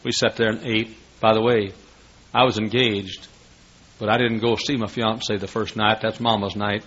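A man's voice: lowish voice, flat delivery, moderate pace. An older man, preaching a sermon through folksy, dramatic storytelling. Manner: folksy, dramatic, building to shouts. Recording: muffled lo-fi recording.

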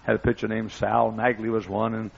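An older man preaching a sermon, telling folksy stories that build up to excited shouting. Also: fairly low pitch, fairly quick, creaky, slightly rough. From East Texas. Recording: dull lo-fi recording.

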